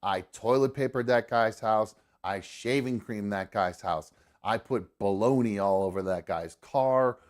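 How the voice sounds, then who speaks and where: A young man, a podcast host, telling a story in casual chat, profane and animated, acting out the people he quotes. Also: fairly low pitch, a little slow.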